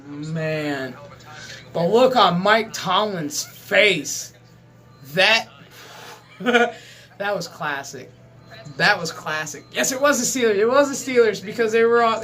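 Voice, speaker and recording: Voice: mid-range voice, slow pace, a bit bright, faint music behind. A channel host in a casual, rambling sports chat to camera, swearing freely and chuckling often.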